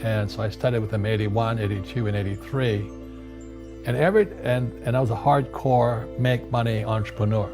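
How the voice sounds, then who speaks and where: A man's voice: fairly low pitch, moderate pace. Older man telling stories over background music. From Hawaii. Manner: animated anecdotes with frequent restarts and repeated words. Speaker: interview guest. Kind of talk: storytelling conversation. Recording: music playing underneath.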